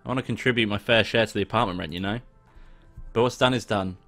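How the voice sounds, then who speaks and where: A man's voice: lowish voice, fast, a bit bright. Casual young man reading a game aloud. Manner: casual, swears, laughs at himself. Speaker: let's play host. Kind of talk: reading a visual novel aloud with commentary. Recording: faint background music.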